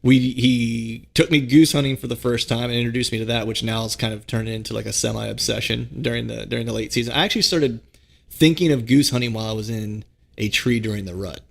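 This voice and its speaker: A man in his thirties hosting a casual hunting podcast, easygoing and quick to laugh, often restarting his phrases. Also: mid-range voice, fairly even intonation, creaky. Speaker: podcast host. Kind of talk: casual podcast chat and read ads.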